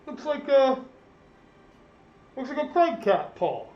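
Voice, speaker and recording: A man voicing a surly male fisherman who serves in the militia, sounding gruff and puzzled. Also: very high-pitched, sing-song, slow, darkish tone, roomy sound, lo-fi sound, pitched above the performer's own voice, full character voice.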